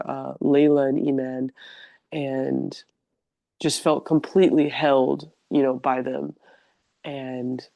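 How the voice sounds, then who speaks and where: A young woman with a gravelly, fry-edged voice tells her story in a relaxed interview. She is chatty and openly emotional, often reaching for "like." The sound is dry and close. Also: sits low, dry recording. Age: young adult. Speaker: interview guest telling her conversion story. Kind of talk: casual personal storytelling.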